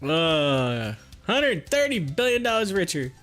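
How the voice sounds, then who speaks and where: A man's voice: on the high side, sing-song, slow, fairly bright tone, soft background music. A man hosting a live stream, chatting casually and telling joking stories, often breaking into laughter. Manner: joking storyteller, laughs a lot.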